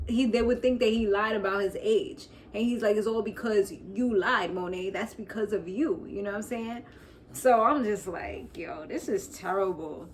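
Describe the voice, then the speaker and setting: A woman's voice: fairly high pitch, a little hiss or hum. A New York woman casually recapping a TV episode, laughing often and acting out the characters' lines. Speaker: recap vlogger.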